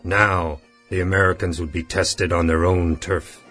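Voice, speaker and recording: A man's voice: low-pitched, flat delivery, a little slow, fairly bright tone, faint music behind. Punchy male commercial announcer. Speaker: voice actor demo reel. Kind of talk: announcer and character voices.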